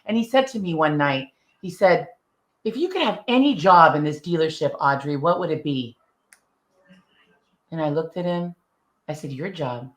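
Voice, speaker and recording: A middle-aged woman, an interview guest, telling her story in a bold, lively way and acting out the dialogue. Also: low voice, normal speed, long pauses. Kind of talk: casual storytelling.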